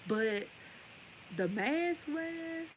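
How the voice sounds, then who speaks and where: A woman's voice: high-pitched, animated, extremely slow, slight background noise, low-quality recording. A woman in her twenties giving a rambling, emphatic opinion rant straight to her viewers. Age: 20s. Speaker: vlogger. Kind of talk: casual opinion rant to camera.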